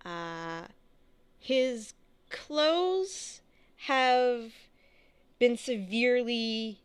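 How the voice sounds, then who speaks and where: A woman narrating a tabletop game as game master, slow and hesitant with many fillers. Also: on the low side, a bit bright, smooth, no room sound.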